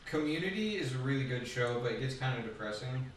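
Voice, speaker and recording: A man musing aloud over a video game, rambling and filling his sentences with "like" between jokes. His voice sits at an average pitch, but it lands far from the mic in a very echoey room with faint noise underneath. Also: expressive, fast. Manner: rambling, heavy on "like", joking. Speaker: let's play co-host. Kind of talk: casual gameplay commentary.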